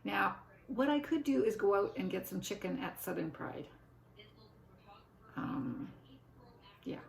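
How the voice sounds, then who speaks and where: Rambling older woman with gravelly voice. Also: mid-range voice, big pitch swings, measured pace. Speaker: vlogger. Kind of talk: casual rambling chat. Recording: echoey room.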